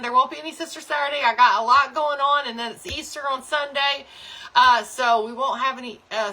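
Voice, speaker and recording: A woman's voice: fairly high pitch, pushed and bright. Chatty woman crafting live. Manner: chatty, cheerful, talks to viewers while working. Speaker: craft channel host. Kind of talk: live crafting tutorial chat.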